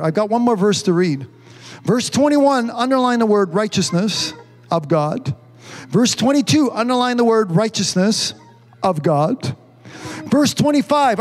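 Male pastor, high pitch, fervent sermon delivery with call-and-response, faint music bed. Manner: fervent, repeats amen and hallelujah; calls for congregation responses. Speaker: preacher.

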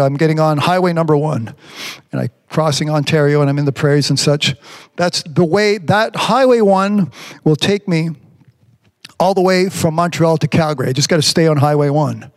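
A man preaching a sermon as pastor, reading scripture slowly and climbing in pitch when he presses a point. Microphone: remote stream from a device on batteries.

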